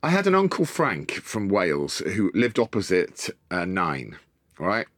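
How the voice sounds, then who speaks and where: Low-voiced man telling lively stories. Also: measured pace, no echo, studio quality. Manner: animated storyteller, swears, acts out quotes. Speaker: podcast guest. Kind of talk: casual storytelling chat.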